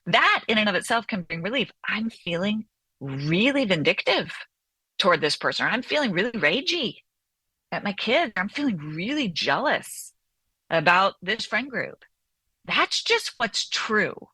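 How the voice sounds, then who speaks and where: A woman's voice: medium pitch, very animated, a little slow, sharp tone, slightly rough, no echo. A woman therapist and author being interviewed on the radio, explaining animatedly and often checking in with "right?".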